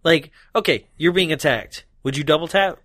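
A man's voice: on the high side, normal speed, breathy edge, dry recording, studio quality. A man co-hosting a casual podcast chat about a horror movie, laughing often and acting out scenes. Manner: animated, laughing, acts out scenes. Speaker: podcast co-host.

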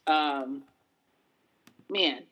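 A man's voice: on the high side, extremely slow, bright, forceful tone, poor audio. A man co-hosting a podcast in casual chat, talking hesitantly and filling his speech with "like" and "um". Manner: hesitant, full of "like" and "um". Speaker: podcast co-host.

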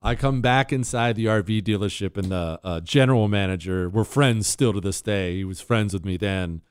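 A man's voice: lowish voice, moderate pace, clear, resonant tone, no room sound, studio quality. A man hosting a talk radio show, telling a story with dramatic flair and sound effects, then answering listener questions.

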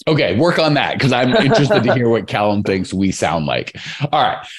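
A man hosting a podcast in casual chat, energetic and rambling, talking straight to his listeners. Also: medium pitch, normal speed, breathy edge. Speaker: podcast host.

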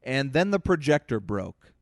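A man's voice: medium pitch, sing-song, a little slow, dry recording, studio quality. A man co-hosting a podcast, talking casually, cursing freely, and telling stories to listeners he calls folks. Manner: profane, storytelling, addresses listeners as folks. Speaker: podcast co-host. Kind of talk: casual chat.

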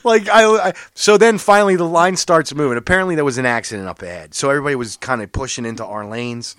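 A man's voice: fast, clean tone, no room sound, clean studio sound. Profane man telling a road story. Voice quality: gets loud and high when quoting other drivers.

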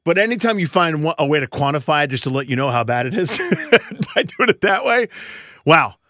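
A man's voice: on the high side, big pitch swings, fairly quick, fairly bright tone, dry recording. A man co-hosting a baseball podcast, talking through his views in a thoughtful, rambling way. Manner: thoughtful, rambling analysis with restarts. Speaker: podcast co-host. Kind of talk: casual sports talk.

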